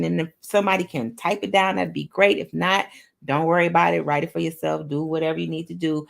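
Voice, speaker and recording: A motivational talk show host leads an affirmation session, speaking emphatically, repeating every affirmation aloud, and breaking into playful sing-song bursts. Her voice sits low and sounds gravelly.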